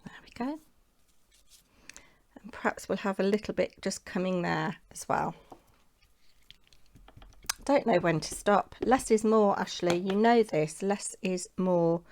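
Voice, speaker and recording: A woman's voice: fairly low pitch, vocal fry. A woman hosting a crafting tutorial, chatting casually and talking to herself as she works. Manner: chatty, talks to herself while working. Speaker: papercraft tutorial host.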